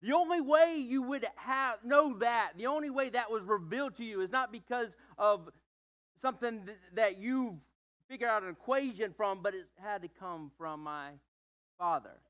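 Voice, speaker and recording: A man's voice: high voice, moderate pace, a bit bright, voice pushed up. A preacher voicing an earnest male teacher who questions his followers in a conversational tone. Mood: explaining.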